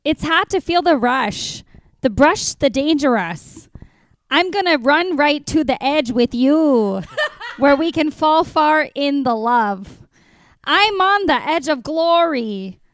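A woman's voice: high voice, no room sound. A woman putting on a broad Minnesota Midwest mom accent for a playful sing-song cold read of song lyrics.

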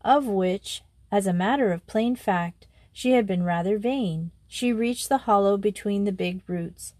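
A woman reading a children's storybook aloud in a measured, even way. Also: mid-range voice, dry recording. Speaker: audiobook reader. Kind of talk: scripted storybook narration.

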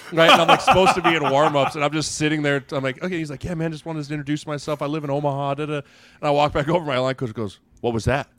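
A former football lineman in his thirties telling animated stories on a casual sports podcast, acting out the quotes. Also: fairly high pitch, rapid-fire. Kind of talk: casual sports chat, storytelling.

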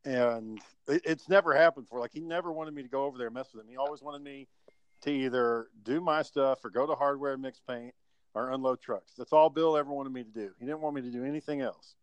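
Mid-range in pitch and quick in pace, this podcast host's voice comes across clear and resonant with no room sound. He chuckles through a profane story in a laid-back manner while hosting a casual online chat over a voice call.

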